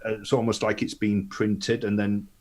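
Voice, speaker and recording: A man playing a character in a tabletop role-playing game, describing what his hero does. His voice sits somewhat low, and he often pauses to find his words. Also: flat delivery, darkish tone. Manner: hesitant, searching for words. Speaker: player.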